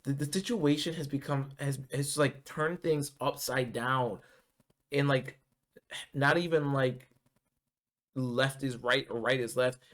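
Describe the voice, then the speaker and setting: A man's voice: medium pitch, fairly even intonation, slow pace, fairly bright tone. A man ranting casually about politics in an agitated, profane way, full of ums and restarts. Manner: heated, profane, many fillers and restarts. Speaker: political commentary vlogger.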